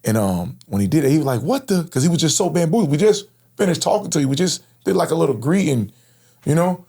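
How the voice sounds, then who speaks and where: A man's voice: fairly high pitch, lively intonation, fast talker, a little mellow. A man in his thirties from Florida, recounting his past as an interview guest in casual, slang-filled, earnest speech. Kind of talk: personal storytelling in interview.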